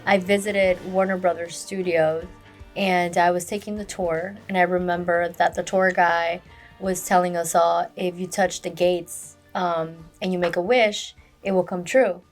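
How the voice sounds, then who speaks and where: A woman's voice: lowish voice, a little slow, soft background music. Young woman chatting on a podcast, voice jumps up when she quotes people, lots of likes and ums. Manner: animated, acts out quoted dialogue, many fillers. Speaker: stunt performer guest. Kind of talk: casual interview storytelling.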